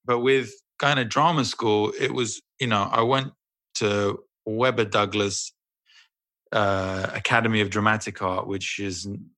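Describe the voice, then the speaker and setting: A man telling a casual, animated, self-deprecating story as an interview guest, swearing freely. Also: fairly low pitch, measured pace. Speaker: voice actor guest.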